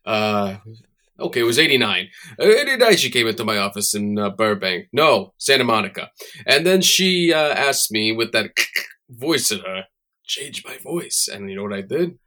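A man's voice: mid-range voice, very animated, moderate pace, sharp tone. A man playing a boastful, crude Hollywood voice guru who rambles and drops names as a guest on an improvised comedy podcast. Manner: rambling, name-dropping, self-important.

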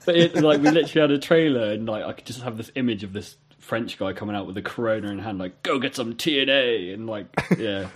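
A man in his twenties telling a story in casual chat, giggly and animated. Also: on the low side, fast talker, few pauses. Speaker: guest.

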